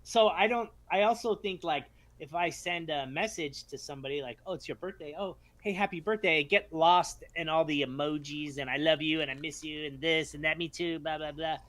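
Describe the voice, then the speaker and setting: A man's voice: on the high side, fairly even intonation, normal speed, hardly any pauses, fairly bright tone. A man, a pastor and podcast co-host, chatting in a laid-back, understated way. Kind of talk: casual podcast chat.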